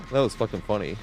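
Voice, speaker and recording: A man streaming a game, chatting casually and telling stories with lots of laughter and swearing. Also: fairly low pitch. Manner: laughs often, swears freely, tells stories animatedly. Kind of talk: casual live gameplay commentary.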